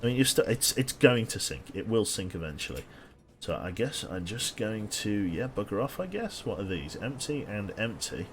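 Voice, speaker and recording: A man streaming a game, talking viewers through the action in a dry, sardonic running commentary with the odd casual swear. His voice sits low but swings widely in pitch. A faint hiss of noise runs underneath. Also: sing-song, normal speed. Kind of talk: live gameplay commentary to chat.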